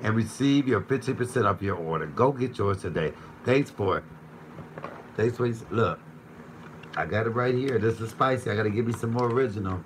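A man with a fairly low voice runs a casual live cooking stream from his home kitchen. He reads out viewer comments, jokes freely and keeps the banter going. A faint bit of room ambience sits under his voice. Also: normal speed, slight background noise, rough recording. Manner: playful, joking, chatty.

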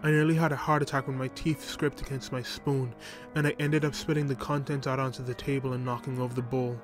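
A man narrating a first-person horror story in a steady, even storytelling manner. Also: mid-range voice, a little fast. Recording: music bed under voice.

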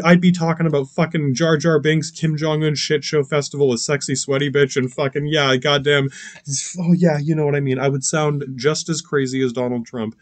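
A podcast host goes on a casual, profane rant, rambling with lots of restarts, asides and curses. His voice is medium-pitched, and the recording has no room sound.

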